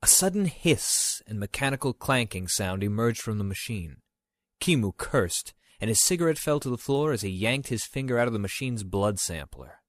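A man reading an audiobook aloud in a measured, even storytelling manner. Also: lowish voice, no echo. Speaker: narrator. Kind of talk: audiobook narration.

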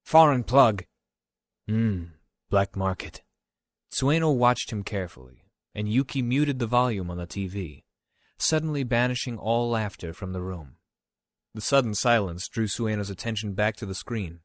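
A man reading an audiobook aloud in a measured, even storytelling manner. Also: lowish voice, no echo. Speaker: narrator. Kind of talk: audiobook narration.

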